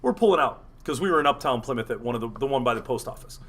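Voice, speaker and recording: A man's voice: mid-range voice, lively intonation, rapid-fire, fairly bright tone. A man hosting a radio show, telling a rambling, profane story in casual chat. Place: studio.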